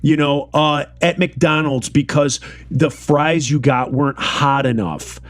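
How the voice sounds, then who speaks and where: A man's voice: on the high side, slow, no echo. Rambling man ranting on a podcast. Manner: rambling, filler-heavy rant. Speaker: podcast co-host. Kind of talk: casual podcast chat.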